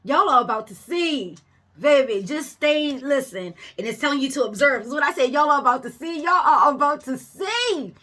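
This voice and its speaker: A woman giving a casual tarot reading to her viewers, emphatic and animated, swearing freely, laughing often and calling them baby. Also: high voice, normal speed. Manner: addresses viewers as baby and y'all. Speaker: tarot reader.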